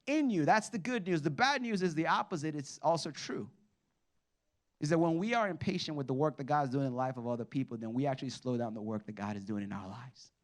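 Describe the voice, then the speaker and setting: Animated high-voiced male pastor preaching. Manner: animated, rises high when acting out stories; casual, repeats words and restarts. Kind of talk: sermon.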